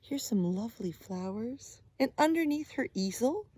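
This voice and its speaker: A woman reading a picture book aloud to young children, gently and often dropping to a whisper. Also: on the high side, expressive, moderate pace, husky, no echo. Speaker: early learning teacher.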